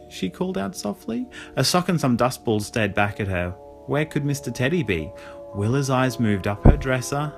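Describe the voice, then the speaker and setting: Man, audiobook narrator, lively pitch, expressive, dramatic pauses. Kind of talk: audiobook reading.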